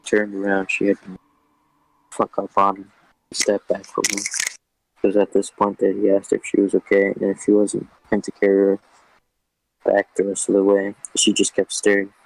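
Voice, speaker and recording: A man reading a scary story aloud in a casual, flat delivery, swearing often. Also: on the low side, normal speed, gravelly, pauses often, slight background noise, low-quality recording.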